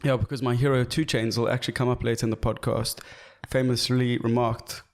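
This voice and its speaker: A man's voice: mid-range voice, level tone. A young man, co-hosting a casual comedy podcast and cracking jokes at his own lines. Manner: jokey, quick asides, laughs at own lines. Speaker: podcast co-host.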